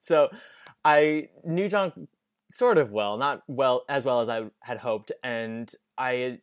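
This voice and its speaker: A man's voice: mid-range voice, slow, clear, resonant tone. Wry self-mocking male podcast co-host. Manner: wry, self-deprecating quips. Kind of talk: casual banter.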